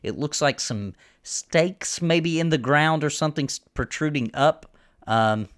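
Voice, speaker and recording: A man's voice: a little high, unhurried, fairly bright tone, smooth. A man narrating a tabletop role-playing game as game master, describing the scene with many ums and restarts.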